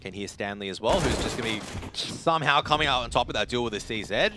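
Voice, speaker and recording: A man doing play-by-play esports commentary, excitable and teasing, his voice leaping up on big plays. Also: on the low side, quick pace, few pauses, slight background noise.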